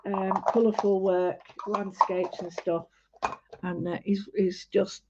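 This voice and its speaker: Woman, unhurried painting tutor, rambling and halting, dull lo-fi home recording. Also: medium pitch, level tone, a little mellow, a little hiss or hum. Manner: chatty, halting, many fillers. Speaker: art tutorial host. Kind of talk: casual painting demonstration.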